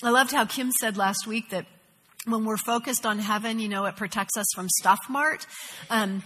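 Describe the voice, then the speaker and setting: Bright, husky woman teaching scripture. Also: on the high side, moderate pace, long reverb tail. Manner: earnest and animated, acts out prayers. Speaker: women's Bible study teacher. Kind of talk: devotional teaching.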